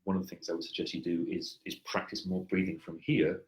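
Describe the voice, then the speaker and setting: Low-voiced man coaching. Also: little pitch movement, fast talker, rough recording. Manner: explanatory, wry and dry-humored. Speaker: presentation coach. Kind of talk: coaching feedback chat. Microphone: headset.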